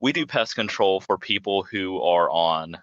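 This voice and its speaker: Bright-voiced man, dull lo-fi mic. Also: low-pitched, lively intonation, measured pace, dry recording. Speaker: podcast co-host, pest control technician. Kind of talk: casual chat.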